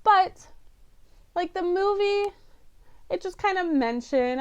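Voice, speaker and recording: A woman's voice: high-pitched, lively intonation, unhurried, darkish tone. A young woman chatting to camera as a book vlogger, rambling and emotional. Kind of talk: casual chat to camera.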